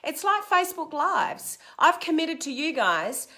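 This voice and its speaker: A middle-aged woman with an Australian accent, giving a direct, energetic motivational talk as a coach on a live stream and reading out viewer comments as she goes. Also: high-pitched, measured pace. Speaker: online business coach.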